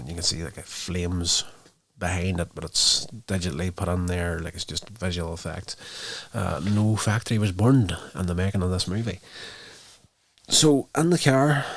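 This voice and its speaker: A man hosting a podcast, casually recounting a movie's plot in a rambling way with many fillers. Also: deep voice. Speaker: podcast host reviewing a movie. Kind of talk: casual spoken movie review.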